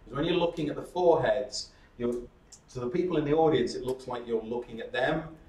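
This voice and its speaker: A man presenting a startup workshop, lively and chatty, acting out audience members with laughing asides. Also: medium pitch, a little fast. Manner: animated, acts out audience reactions with laughing asides. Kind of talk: presentation skills workshop talk. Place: workshop room. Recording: roomy echo from a distant mic.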